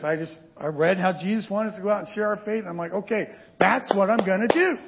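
High-pitched guy preaching, chatty storytelling, kinda muffled lo-fi sound. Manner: animated storytelling, frequent "right?" asides. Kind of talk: sermon.

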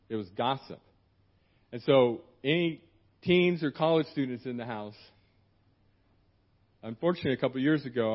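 A middle-aged man preaching in church, telling a personal story in a rambling, conversational way with many restarts and acted-out quotes. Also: medium pitch. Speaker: guest preacher. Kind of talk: sermon told as a personal story. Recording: dull, muffled church sermon recording.

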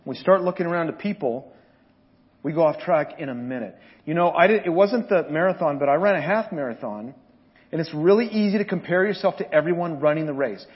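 A man preaching a sermon as pastor, telling animated, joking stories to his congregation. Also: fairly high pitch, brisk, dull audio. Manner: animated storytelling, jokes with the congregation.

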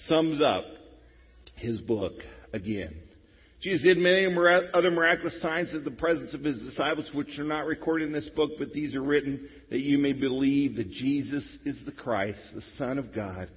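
A male pastor preaching a sermon in a church, telling a story with lively swings from soft to loud. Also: medium pitch, husky. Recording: reverberant hall, dull lo-fi sound.

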